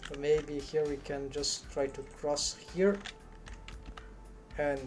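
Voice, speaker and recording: A man's voice: fairly high pitch, fairly even intonation, slow, soft background music. A man streaming his 3D modeling work, thinking aloud in hesitant, half-finished remarks.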